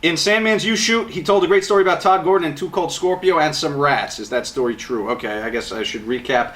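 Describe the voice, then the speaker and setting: A man's voice: on the high side, brisk, a bit bright. Male interviewer reading fan questions. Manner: brief prompts and recaps.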